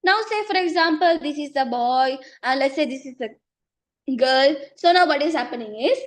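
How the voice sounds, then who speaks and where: A woman teaching a chemistry lesson, repeating herself and often checking understanding, losing her voice and clearing her throat. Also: high-pitched, expressive, moderate pace. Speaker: chemistry tutor. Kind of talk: online class teaching.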